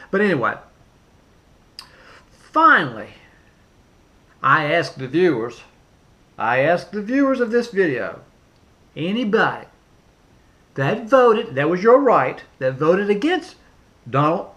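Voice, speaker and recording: A man, pitched a little high for a man, delivers a political rant to camera. He talks emphatically and repeats phrases, stumbling through fillers and restarts. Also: big pitch swings, takes it slowly, pauses often, bright, forceful tone. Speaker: vlogger.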